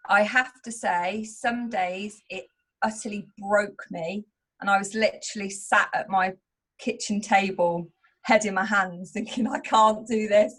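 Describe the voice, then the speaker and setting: A middle-aged woman who runs a home business and leads a team, speaking openly and earnestly in a candid motivational talk. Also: mid-range voice. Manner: open and earnest, speaking in a confessional tone.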